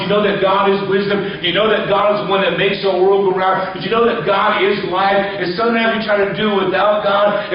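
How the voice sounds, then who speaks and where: A man preaching a sermon with fervor, his pitch rising and dropping as he presses his points. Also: slight background noise. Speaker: pastor. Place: church. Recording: echoey, distant, dull church recording.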